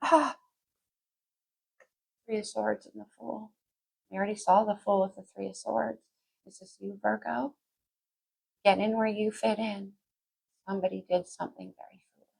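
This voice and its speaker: A woman's voice: medium pitch, steady tone, moderate pace, vocal fry, long pauses, breathy edge, low-quality recording. A woman reading tarot cards for her viewers in a chatty, think-aloud way. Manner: chatty, thinks aloud, sings lyrics softly. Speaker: tarot reader.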